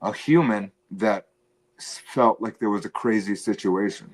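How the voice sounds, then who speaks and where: A man's voice: on the low side, a little slow. A man in casual stream chat, telling a heated story full of swearing. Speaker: co-host guest.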